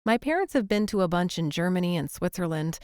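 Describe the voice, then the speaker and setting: A woman voicing a curious, playful young American woman who asks lively, teasing questions. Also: fairly low pitch, quick pace, smooth, dry recording, clean studio sound, lightly acted. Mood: chatty.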